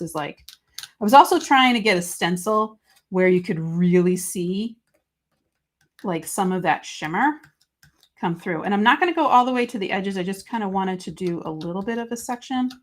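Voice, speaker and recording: A woman hosting a live papercrafting stream, chatting casually with viewers and reading their comments while she works. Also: medium pitch. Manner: chatty, reads viewer comments aloud, excitable. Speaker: host of a live crafting stream.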